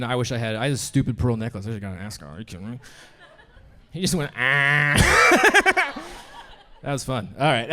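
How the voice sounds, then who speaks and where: A man's voice: a little high, noisy background. A young man performing a brash, crude stand-up set in a comedy club, laughing at his own jokes.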